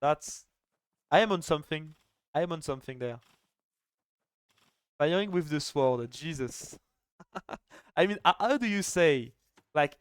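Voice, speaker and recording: A man's voice: a little high, smooth, no room sound. A young man casting a live strategy game final, chatty and joking, with lots of "like" fillers. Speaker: esports caster.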